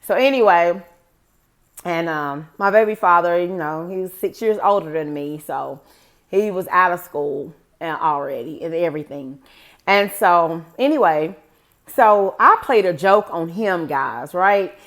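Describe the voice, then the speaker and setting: Her voice is fairly low and fairly bright, delivered at a measured pace. A vlogger in her forties, she tells viewers a personal story in a rambling, chatty manner and often calls them "guys."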